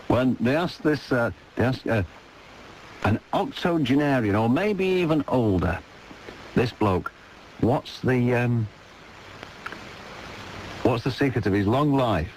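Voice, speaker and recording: A man's voice: mid-range voice, lively intonation, slow, pauses often, darkish tone, a little hiss or hum, rough recording. A man hosting a late-night radio phone-in, teasing callers and telling jokes with relish.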